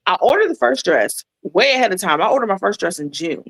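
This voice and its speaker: A woman's voice: medium pitch, sing-song, quick pace, slightly rough, no echo, rough recording. A woman guest on a casual chat show, telling a story in a chatty way and addressing the listeners directly. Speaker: guest, maid of honor.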